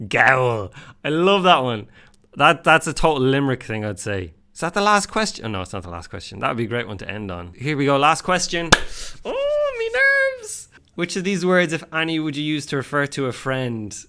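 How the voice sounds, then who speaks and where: A young man with an Irish accent talks through a quiz in a relaxed vlog. His voice sits mid-range but swings widely as he reacts. He sounds chatty and self-mocking throughout. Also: medium pitch, brisk, clear, resonant tone. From Ireland. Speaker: YouTuber. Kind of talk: casual vlog commentary.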